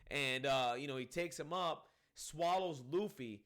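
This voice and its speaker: A man giving a casual spoken review of a comic chapter, rambling and animated, swearing freely and filling gaps with "um" and "you know what I mean". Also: a little high, a little slow. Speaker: manga reviewer.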